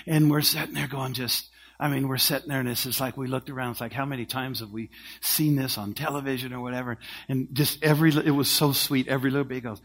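A man preaching a sermon, telling stories and acting out other people's lines, moving between loud, punchy phrases and hushed, quiet ones. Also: medium pitch, fairly quick, breathy edge. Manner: animated storytelling, acting out voices of others, swinging from loud to hushed. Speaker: pastor.

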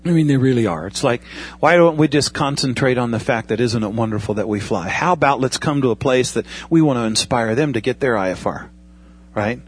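This pastor's mid-range voice is brisk and slightly rough as he chats his way through a sermon. He asks the congregation questions and leans on everyday comparisons, pilot analogies, and side remarks.

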